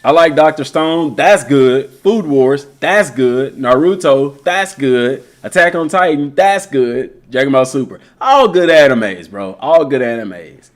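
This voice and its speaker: A young man chatting casually on a live stream, reading chat aloud in a slangy, animated way, his voice a bit worn from talking for hours. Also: medium pitch, unhurried, hardly any pauses.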